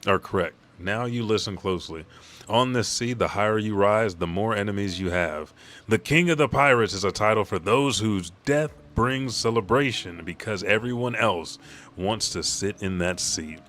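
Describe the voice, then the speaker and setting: A man's voice: on the low side, normal speed, a bit bright, natural voice. A man voicing a battle-worn old pirate who scolds harshly and swears, while reading a comic aloud. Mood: stern.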